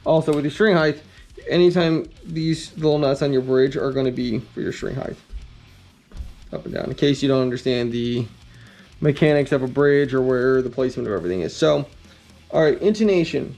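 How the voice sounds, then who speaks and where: A man explaining guitar setup in a relaxed, rambling way, with many ums and some blunt cursing. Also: mid-range voice, normal speed. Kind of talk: casual instructional talk.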